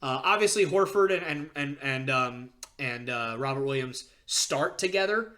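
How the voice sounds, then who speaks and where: A young man hosting a casual sports podcast, ranting excitedly with frequent fillers and restarts. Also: mid-range voice, normal speed. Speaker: podcast host.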